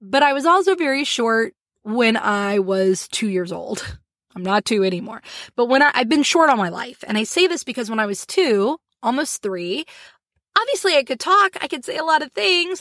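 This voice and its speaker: Female podcast host, high voice, animated and chatty, dry studio sound. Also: normal speed, no echo. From Florida, US. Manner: animated, laughing, acts out little scenes. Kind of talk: solo podcast talk.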